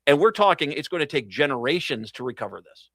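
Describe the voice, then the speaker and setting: Male radio host, fairly high voice, dry close sound, sarcastic asides, political commentary. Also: big pitch swings, fast talker, a bit bright, dry recording. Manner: sarcastic, mocking asides, laughs at his own jokes. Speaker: radio talk show host. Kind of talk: political commentary reading news.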